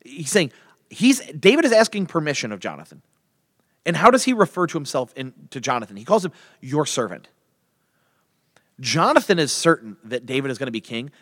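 A man teaching the Bible in a casual, animated way, often restarting and repeating words. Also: a little high, fairly quick, no echo, studio quality, long reverb tail.

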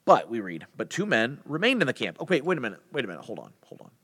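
A man's voice: medium pitch, fast talker, breathy edge. A man teaches a Bible passage in easy, conversational speech, slipping into voices for the characters. His voice sits in a middle register. A long reverb trails after his words. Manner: conversational, animated, acts out biblical characters in voices.

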